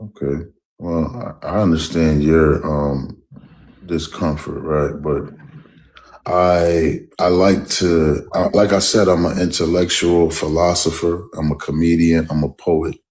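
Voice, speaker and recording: A man calling into a live stream show, speaking slowly and deliberately in a self-consciously proper way. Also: rumbling low, fairly even intonation, darkish tone, low-quality recording. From United States. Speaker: caller. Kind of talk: casual live-stream call.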